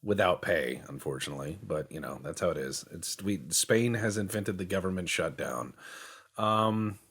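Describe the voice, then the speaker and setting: Low husky guy rambling over a strategy game, does little voices for made-up convos. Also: fairly bright tone. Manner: joking, acts out imagined dialogues in quick quoted voices; mumbles to himself while navigating menus. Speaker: gameplay commentator. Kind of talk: rambling gameplay commentary.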